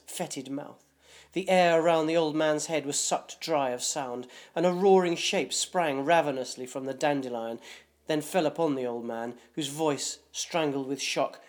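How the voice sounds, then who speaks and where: A man reading a dark short story aloud, in a measured, deliberate narration. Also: on the high side.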